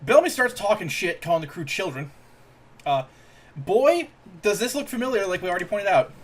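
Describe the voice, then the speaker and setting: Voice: mid-range voice, expressive, brisk, breathy edge. A podcast host in a casual chat, making crude jokes and laughing often.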